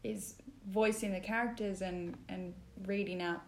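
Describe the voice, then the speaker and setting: An Australian woman co-hosting a podcast in casual chat, giggly and chiming in with quick agreements. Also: mid-range voice, steady tone, echoey room, slight background noise, poor audio. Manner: giggly, chimes in with short agreements. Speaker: podcast co-host.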